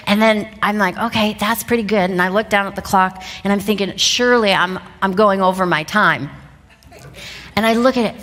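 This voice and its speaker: A woman in her fifties giving a motivational talk on stage, an animated storyteller who laughs often. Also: mid-range voice, big-room sound. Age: 50s. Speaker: seminar speaker. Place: stage in a large event hall. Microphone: lapel mic.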